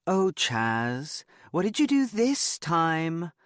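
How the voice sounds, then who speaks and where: A man's voice: a little high, sing-song, takes it slowly, a bit bright, dry recording, studio quality, voice pushed up, full character voice. Wry teasing young woman teacher, voiced by a man. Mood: mock cheerleader. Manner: playful, teasing. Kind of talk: audiobook character voice.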